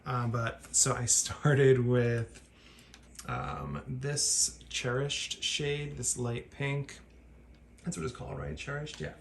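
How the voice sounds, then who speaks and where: A man's voice: medium pitch, slow, creaky, a little hiss or hum. A man talking casually through his makeup routine as a vlogger, rambling, correcting himself and laughing at his own slips. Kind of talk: casual chatty tutorial.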